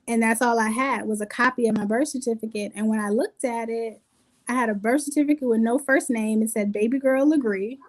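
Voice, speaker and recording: Young woman telling her story, kinda high pitched, animated, does little voices for people. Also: fairly quick. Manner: animated, acts out quotes with laughs. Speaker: guest. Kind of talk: conversational storytelling.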